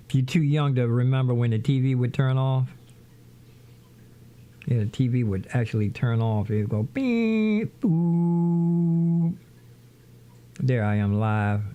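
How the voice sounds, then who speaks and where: A middle-aged man hosting a casual livestream from his home studio, rambling to his viewers while he sets up music software. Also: mid-range voice, smooth. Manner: rambling, talks to viewers as "y'all".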